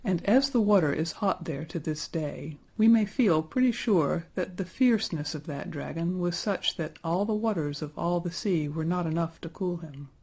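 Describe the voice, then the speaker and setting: A woman narrates a fairy tale in a measured, even reading. Her voice sits low, with a dark tone and a husky texture. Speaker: storyteller. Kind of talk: storybook narration.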